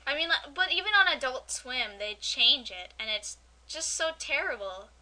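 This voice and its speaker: High bright young woman ranting casually. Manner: chatty, animated, quick to rant. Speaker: podcast co-host. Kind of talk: casual podcast chat.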